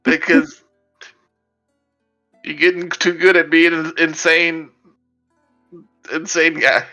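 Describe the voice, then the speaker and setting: A man's voice: on the high side, level tone, takes it slowly, bright, forceful tone, muffled recording, soft background music. A man playing a tabletop game, chatting casually, rambling and laughing as he jokes with the group. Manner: rambling, joking, laughs often. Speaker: player.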